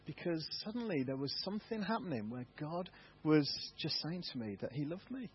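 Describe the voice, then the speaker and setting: A man's voice: fairly high pitch, lively intonation, a little fast, muffled recording, a little hiss or hum. An English man, a church elder, giving a candid, self-deprecating testimony sermon in a church. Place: church hall.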